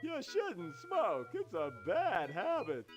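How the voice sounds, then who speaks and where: A sly male game character who keeps pushing cigars, slow and drawn out in delivery. The voice sits high and swoops widely. Game music plays clearly behind him. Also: huge pitch swings, muffled recording, heavily acted. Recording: game audio over music.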